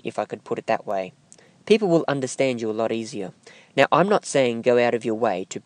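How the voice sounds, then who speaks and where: A man teaching voiceover technique, speaking slowly and deliberately with emphatic pauses. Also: medium pitch, no room sound. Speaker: voiceover instructor. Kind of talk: instructional talk to camera.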